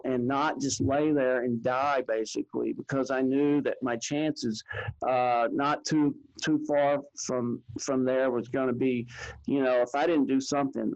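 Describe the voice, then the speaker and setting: A man's voice: mid-range voice, a little mellow. Guy recounting his cancer story, lots of restarts, mid voice, kinda muffled recording. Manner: halting, repeats words, quotes others plainly. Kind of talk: personal testimony.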